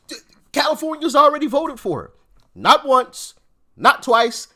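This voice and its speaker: A man's voice: very high voice, big pitch swings, unhurried, pushed and bright. A man hosting casual reaction commentary, asking rhetorical questions in disbelief. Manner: incredulous, repetitive rhetorical questions. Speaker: commentary channel host.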